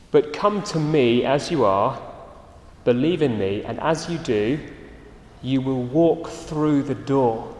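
A man preaching a sermon, earnest and emphatic, his phrases often sinking soft and low at the end. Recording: echoey hall, reverberant.

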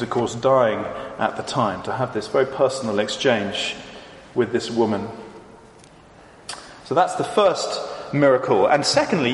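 A man preaching a sermon in a measured way, reading verses aloud and explaining them. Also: medium pitch, a little hiss or hum. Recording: echoey hall with long reverb, faint ambience.

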